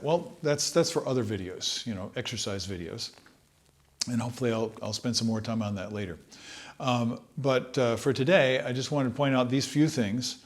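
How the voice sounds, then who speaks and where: A man teaching trumpet, talking in a relaxed, thoughtful way and sometimes singing short phrases to demonstrate. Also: mid-range voice. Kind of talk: instructional talk.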